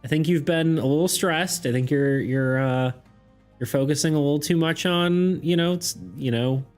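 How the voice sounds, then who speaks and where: A man voicing a kind young male companion who is worried and keeps gently reassuring a friend, repeating himself. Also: mid-range voice, steady tone, moderate pace, clean tone, faint music behind, natural voice. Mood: soothing.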